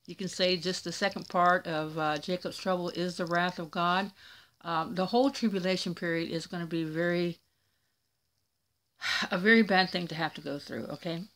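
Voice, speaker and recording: Woman, lowish voice, tender and chatty, casual religious talk to camera. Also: fairly even intonation, normal speed, a bit bright. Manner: chatty, tender, addresses viewers as "you guys" and "y'all". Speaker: Christian video host reading viewer comments. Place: at home in Florida.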